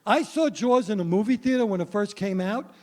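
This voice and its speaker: High-voiced wry stand-up man. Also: animated, fairly quick, darkish tone. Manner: punchy, wry, addresses the crowd. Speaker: stand-up comedian. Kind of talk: stand-up comedy set. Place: stage before a live audience.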